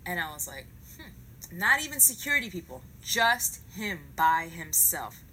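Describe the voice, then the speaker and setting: A woman telling a comic story in a profane, animated way, acting out each part. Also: lowish voice, normal speed, slight background noise, low-quality recording.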